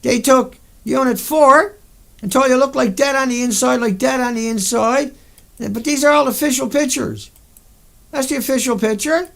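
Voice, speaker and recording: A man with a raised, high voice roughened by heavy fry. He talks as a video host in a furious, profane rant that breaks into sudden outbursts. His anger carries through every line. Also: normal speed, a bit bright. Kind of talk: angry monologue over pictures.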